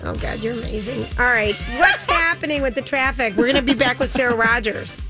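A woman in her thirties co-hosting a radio show, chatting in an excitable, laughing way. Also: a little high, a little fast, over music. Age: 30s. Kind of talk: casual chat.

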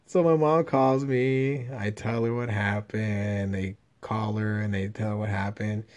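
A man's voice: fairly low pitch, fairly even intonation, unhurried, a little mellow. A young man telling a rambling, profane story in casual chat.

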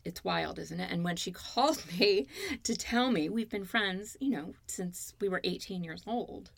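A woman's voice: lowish voice, unhurried, vocal fry. A woman in her fifties, a guest telling her story in an earnest, emotional way during a candid interview.

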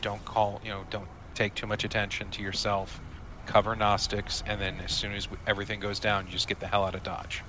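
A man's voice: fairly low pitch, monotone, a little fast, bright, forceful tone, slight background noise. A man running a tabletop game, laying out plans in a directive way with frequent restarts. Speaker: game master. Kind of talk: tabletop role-play chat.

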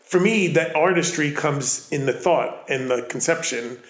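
A man's voice: a little high, measured pace. Rambling Long Island man, roomy sound. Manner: rambling, restarts and self-corrects often. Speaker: artist and curator, interview guest. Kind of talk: casual interview conversation. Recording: roomy echo.

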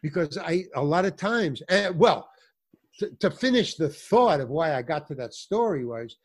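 A man's voice: a little high, animated, moderate pace, slightly rough. An older man, an actor and comedian, telling a story in a casual interview and acting out the voices of the people in it, with many fillers and restarts.

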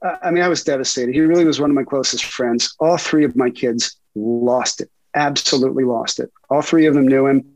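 Middle-aged male reporter guest; animated, laugh-prone storyteller with a mid pitch, dry and close. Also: fairly quick, few pauses, dry recording, low-quality recording. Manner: animated storyteller, laughs often, many fillers. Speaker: investigative sports reporter, guest. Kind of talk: casual interview storytelling.

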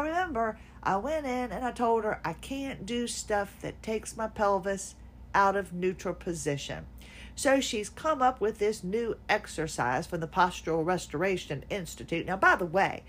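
A woman's voice: mid-range voice, a bit bright. A woman podcast host telling a story in an exasperated, sarcastic way, with laughs mixed in. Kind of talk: casual personal venting monologue.

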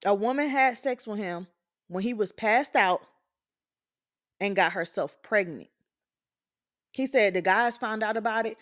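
A woman's voice: mid-range voice, unhurried, long pauses, fairly bright tone. Blunt, profane woman in her twenties. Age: 20s. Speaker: podcast host. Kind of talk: candid opinion monologue.

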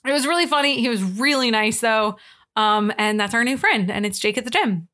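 Young woman podcast cohost, bright highish voice, rambly chatty storytelling. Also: fairly quick. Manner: storytelling with lots of "like" and laughs. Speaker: podcast co-host. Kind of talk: casual chat.

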